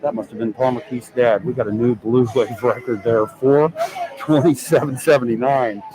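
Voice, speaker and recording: A man announcing a swim meet live, excitable and chatty, joking between events. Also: medium pitch, moderate pace, noisy background. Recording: crowd clearly heard behind. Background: crowd of spectators.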